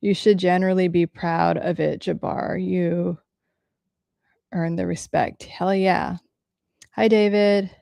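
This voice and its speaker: A woman hosting a casual livestream and reading out viewers' comments. Her low voice has a gravelly fry. The close, dry recording has no room sound, and she talks bluntly and swears without hesitation. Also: little pitch movement, slow pace, pauses often, mellow, no room sound. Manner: candid, reads comments aloud, swears freely. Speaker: livestream host answering viewer questions.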